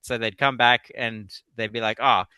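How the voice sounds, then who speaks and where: A man with a bright, crisp voice tells stories in a relaxed interview, laughing often through them. His voice is close and dry, with no room sound around it. He tells them animatedly. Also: medium pitch, moderate pace, no echo. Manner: animated storyteller. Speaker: guest author. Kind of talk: casual interview chat.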